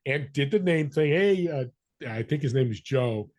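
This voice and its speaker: A man guest on a podcast telling a story, acting out the voices of people in it with lively energy. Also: fairly high pitch, moderate pace, dry recording. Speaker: podcast guest, business connector. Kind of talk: storytelling interview talk.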